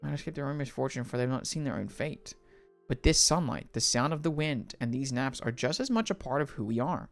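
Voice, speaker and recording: A streamer reading aloud a game's gentle woman who coaxes a child to rest, in a soft, unhurried way. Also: mid-range voice, expressive, soft background music, voice pushed down, close to an everyday voice. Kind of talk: reading game dialogue aloud.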